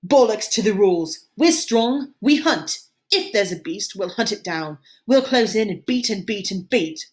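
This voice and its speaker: A woman doing a shouting wild boy hunter. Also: medium pitch, lively intonation, measured pace, few pauses, pitched above the performer's own voice, natural voice. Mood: defiant. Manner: shouting, defiant.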